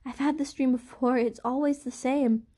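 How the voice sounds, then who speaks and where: A woman's voice: high-pitched, fairly even intonation, normal speed, mellow, pitched above the performer's own voice. A woman reading an audiobook, voicing a superstitious older aunt who tells a nightmare with hesitant fear. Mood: fearful.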